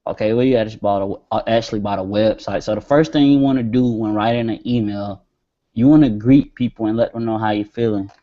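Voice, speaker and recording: A man hosting a marketing webinar, talking casually and slowly dictating words as he types. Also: on the low side, steady tone. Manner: casual, talks while typing, stretches words as he dictates. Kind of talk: screen-share tutorial. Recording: dull lo-fi webinar audio.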